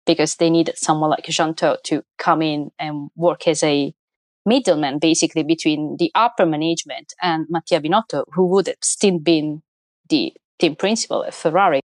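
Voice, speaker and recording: Low-voiced woman chatting casually. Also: moderate pace, no echo. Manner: chatty, laughs often, many restarts. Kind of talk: casual chat.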